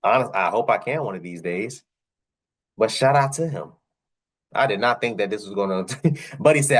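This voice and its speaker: Southern guy doing a reaction vid, lively and jumping around in pitch, repeats himself a lot. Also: normal speed. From American South. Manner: animated, repetitive, laughing asides. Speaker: reaction video host. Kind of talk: casual reaction commentary.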